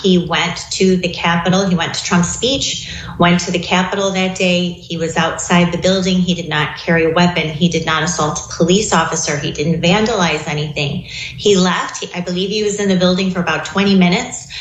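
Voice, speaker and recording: A woman commentator recounting a case in a measured, factual way. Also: fairly low pitch, steady tone, echoey room, a little hiss or hum, rough recording. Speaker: guest commentator.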